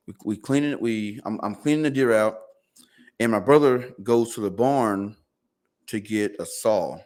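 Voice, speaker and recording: Low-voiced man telling a story. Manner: fillers and repeated words, quoting others in dialogue. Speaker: podcast guest. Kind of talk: casual storytelling.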